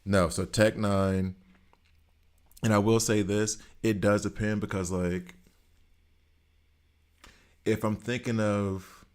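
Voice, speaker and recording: Middle-aged guy with a real low voice, rambling on about music while he games, laughs a lot. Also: level tone, slow pace, pauses often, darkish tone, clear, resonant tone. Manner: rambling, opinionated, laughs often. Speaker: gaming streamer. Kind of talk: casual chat while streaming a game.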